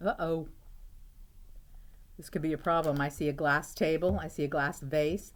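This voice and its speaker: A woman's voice: low-pitched, steady tone, moderate pace, long pauses, background noise. A woman teacher reading a picture book aloud to children, chatty and asking them questions, with frequent "uh-oh"s.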